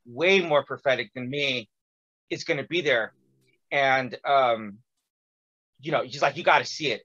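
A man's voice: mid-range voice, lo-fi sound. A man telling a long personal story in casual conversation, acting out quotes with lots of fillers. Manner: animated, acts out quotes with many fillers.

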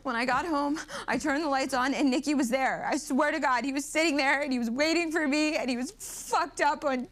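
An actress playing a reckless young woman in trouble, blunt and defiant. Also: high voice. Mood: upset. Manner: blunt, defiant, speaks fast when pushing. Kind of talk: film drama acting. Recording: film audio with loud music.

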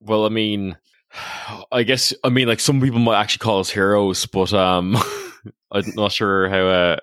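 A man's voice: on the low side, flat delivery, unhurried, a bit bright, clear, resonant tone, no echo, studio quality. A man voicing a concussed adventurer who talks in a sheepish, rambling way. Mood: dazed sheepish. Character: dazed, concussed male adventurer, blunt.

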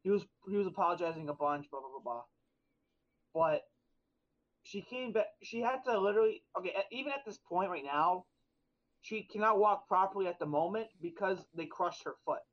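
A man's voice: high-pitched, moderate pace, fairly bright tone. A young man co-hosting a podcast, telling stories in a rambling way with lots of fillers and restarts. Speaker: podcast co-host. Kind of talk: casual chat. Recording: dull lo-fi sound.

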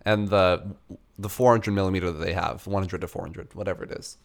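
Animated man telling a story. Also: brisk, gravelly. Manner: animated, swearing, acts out dialogue in a higher voice. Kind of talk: casual storytelling.

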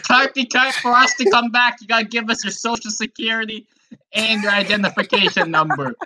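A man voicing a scheming carp father who walked out on his family, talking loud and pushy in an improvised comedy bit. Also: sits high, steady tone, fairly quick, background noise, natural voice.

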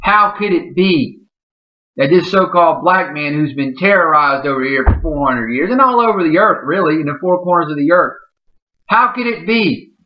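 A man teaching scripture, slow and questioning as he builds emphasis, on a dull lo-fi recording. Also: on the high side, expressive.

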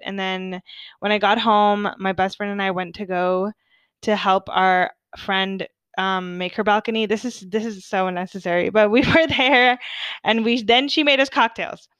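A young woman rambles through a flustered storytime, slipping into giggles and endless "like"s. Her voice is smooth and clear at a middle pitch. It sits dry and close to the mic with no room around it. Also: a bit bright, no room sound. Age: young adult. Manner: rambling, giggly, full of "like" and "oh my God". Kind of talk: casual storytime chat.

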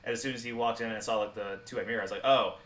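A man co-hosting a podcast, chatting casually about a film, quick and animated, laughing often. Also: lowish voice, far from the mic. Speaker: podcast co-host.

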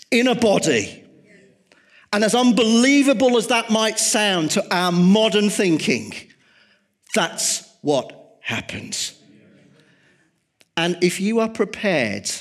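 Man, sermon, slightly high voice, dramatic loud-to-hushed delivery. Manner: dramatic, swings from loud emphasis to hushed tones. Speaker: preacher.

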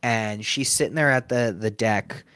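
A man's voice: fairly low pitch, moderate pace, smooth, dry recording. A man who performs as a sports mascot, telling stories in a casual interview, laughing often and acting out what people said. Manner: animated, laughs often, acts out quotes.

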